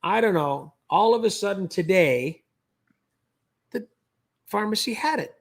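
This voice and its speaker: A man's voice: sits high, lively intonation, a little slow. A man hosting a livestream, chatting casually in a rambling way with frequent restarts. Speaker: livestream host.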